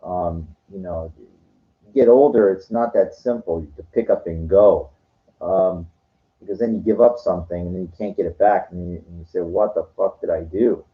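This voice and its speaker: Rambling low-voiced man, dull recording. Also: normal speed. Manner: rambling, profane storytelling. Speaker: vlogger. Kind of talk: casual monologue.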